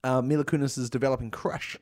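A man's voice: mid-range voice, fairly even intonation, fast talker, darkish tone, no echo. A man co-hosting a comedy podcast, with dry, wry asides that often trail off. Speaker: podcast co-host. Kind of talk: casual comedic chat.

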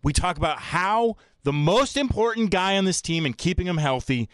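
A man's voice: high voice, normal speed, no echo, clean studio sound. A man hosting sports talk radio, blunt and opinionated, ranting in bursts. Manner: opinionated, blunt, animated rants.

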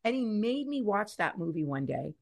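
A woman's voice: medium pitch, normal speed, gravelly. A woman in her fifties, a guest author, speaking earnestly and animatedly about faith, fear and scripture. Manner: earnest, animated storyteller who stretches key words. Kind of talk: faith-centered interview talk.

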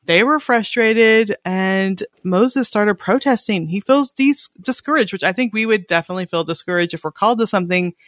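A woman's voice: medium pitch, moderate pace, hardly any pauses, a bit bright, no room sound. Chatty woman podcast co-host, dry close mic. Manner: chatty, laughs often, reads scripture aloud. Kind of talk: casual Bible reading chat.

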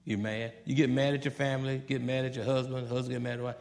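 A man preaching a sermon as pastor, swinging between hushed asides and loud, animated passages. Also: medium pitch, fast talker, creaky. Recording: long reverb of a large hall.

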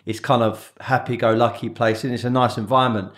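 A man's voice: mid-range voice, fairly even intonation, fairly quick. A man hosting a podcast interview, asking questions in a chatty way and telling anecdotes. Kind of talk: conversational interview.

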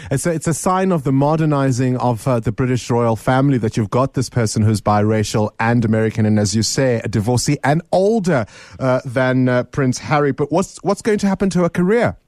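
A man's voice: medium pitch, a little fast, dry recording. Male SA radio host, casual chat, dry close studio sound. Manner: conversational and relaxed, with easy restarts. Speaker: radio talk show host. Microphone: studio microphone.

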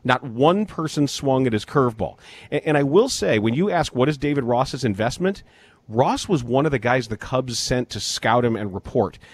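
A man hosting casual sports talk in a measured way, citing statistics with halting restarts. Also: medium pitch, expressive.

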